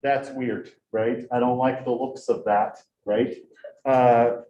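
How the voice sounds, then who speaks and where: A man's voice: medium pitch, takes it slowly, highs cut off. Chatty male professor in an echoey classroom. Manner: chatty, animated, ends nearly every sentence with a rhetorical question. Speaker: college biology professor. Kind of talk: storytelling classroom lecture. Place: lecture classroom.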